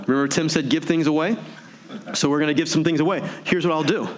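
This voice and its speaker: A man giving an energetic motivational keynote, full of rhetorical questions and audience prompts. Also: on the high side, fast talker. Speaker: motivational speaker. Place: virtual meeting event.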